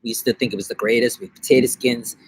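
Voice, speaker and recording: A young man from New York chatting on a casual live stream from his backyard, rambling and joking, with bursts of silly high-pitched voices. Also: fairly even intonation, racing, husky. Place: outdoors in a backyard.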